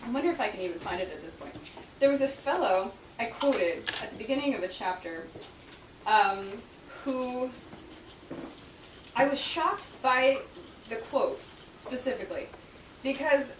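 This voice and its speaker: A woman author answering audience questions in casual talk, chatty and quick to laugh, with many fillers. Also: mid-range voice, lively intonation. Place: book event room. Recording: echoey room, distant mic, noisy.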